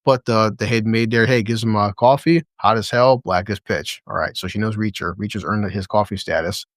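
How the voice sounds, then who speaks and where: A man's voice: fairly low pitch, brisk, no echo, studio quality. A man casually recapping a TV episode with a co-host, swearing freely, chuckling often and acting out lines from the scenes. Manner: profane, chuckling, retells scenes in lively quoted voices. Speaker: podcast co-host.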